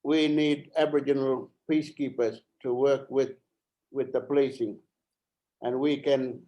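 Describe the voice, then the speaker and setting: Man, middle-aged, slow and halting, warm low tone, repeats phrases, slightly out of breath. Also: little pitch movement, dull audio. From Arnhem Land, Australia. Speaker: member of parliament, forum speaker. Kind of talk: speaking at an online forum.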